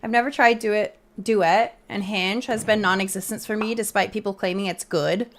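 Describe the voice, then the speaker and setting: A woman's voice: mid-range voice, fairly even intonation, moderate pace. A woman streamer chatting casually in a rambling way, full of fillers and restarts.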